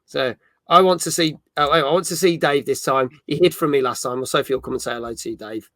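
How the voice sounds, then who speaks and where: A man's voice: medium pitch, quick pace, a bit bright, no room sound. A middle-aged man hosting a casual gaming chat, rambling and joking with many fillers. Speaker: host.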